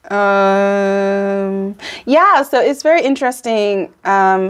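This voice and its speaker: Giggly chatty woman vlog host. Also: medium pitch. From Atlanta, Georgia, USA. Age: 30s. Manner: giggly, chatty, laughs often. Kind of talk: casual reaction commentary.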